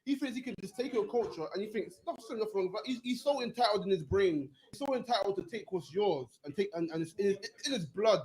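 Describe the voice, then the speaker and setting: A man co-hosting a heated commentary, who agrees loudly and talks about devils like a preacher. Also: high voice, lively intonation, fast, hardly any pauses, poor audio. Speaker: co-host.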